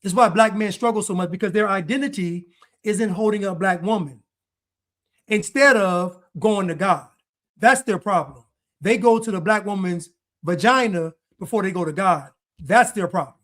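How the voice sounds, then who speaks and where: Blunt, high-voiced male commentator. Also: moderate pace, fairly bright tone. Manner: blunt, repetitive, preachy. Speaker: online commentator. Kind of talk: reaction commentary.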